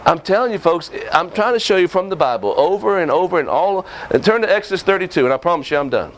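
A man preaching a sermon to his congregation. His voice sits a little high for a man. He talks in a folksy, scolding way and keeps checking whether his listeners are following. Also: expressive, fast talker.

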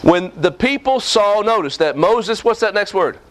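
A man's voice: high-pitched, animated, moderate pace, fairly bright tone. Folksy preacher man. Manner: folksy, scolding, asks the congregation questions. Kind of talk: sermon.

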